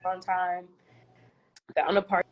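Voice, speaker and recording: A young adult woman, a student and podcast co-host, telling a relaxed, rambling story in casual slang. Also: on the low side, unhurried, lo-fi sound. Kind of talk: casual chat.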